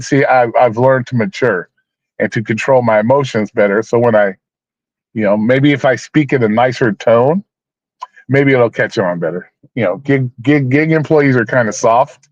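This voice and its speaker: A man's voice: mid-range voice, normal speed, dry recording. A man hosting a casual livestream, rambling, repeating himself and talking to viewers by name, blunt and swearing now and then. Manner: blunt, swears, mock-preachy. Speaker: livestream host. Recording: dull, dry lo-fi sound.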